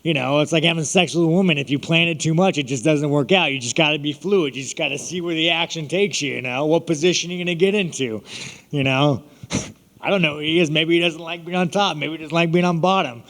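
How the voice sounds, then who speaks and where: A fast-talking American fighter with a slightly high, bright voice handles a casual media Q&A in a big hall. He rambles, jokes around and swears nonstop while answering reporters.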